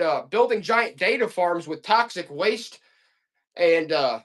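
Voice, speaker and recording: A man's voice: high-pitched, fairly bright tone. Fired-up, rambling male stream seller. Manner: folksy, calls listeners "boy". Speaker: live auction seller. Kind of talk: casual live-selling stream chat.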